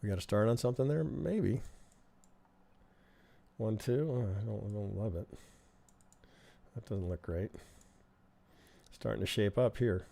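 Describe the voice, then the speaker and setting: A trading instructor on a live stream, this man reviews charts chattily, thinking aloud and repeatedly asking "right?". His voice is on the low side and dark, with vocal fry, a measured pace, and frequent pauses.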